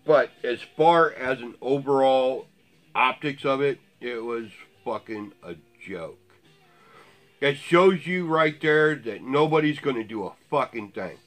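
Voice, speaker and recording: A man's voice: medium pitch, lively intonation, unhurried, fairly bright tone, soft background music. A man ranting in blunt, profane, sarcastic commentary to his viewers. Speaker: vlogger.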